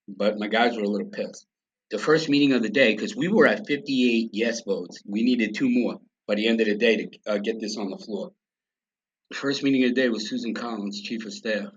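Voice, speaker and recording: Husky, low-ish middle-aged New man, blunt profane podcast storyteller, muffled lo-fi sound. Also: normal speed. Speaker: podcast guest. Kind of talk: casual storytelling.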